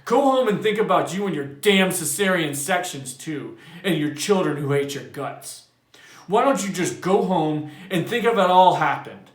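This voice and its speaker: A man voicing a bitter fireman who shouts angrily at a guest. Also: high-pitched, expressive, moderate pace, pitched above the performer's own voice. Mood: furious. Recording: roomy echo.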